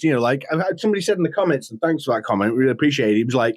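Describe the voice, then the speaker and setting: A man co-hosting a casual podcast, an animated storyteller who laughs often and slips into impressions. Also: medium pitch, racing, dry recording. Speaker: podcast co-host. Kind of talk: casual chat.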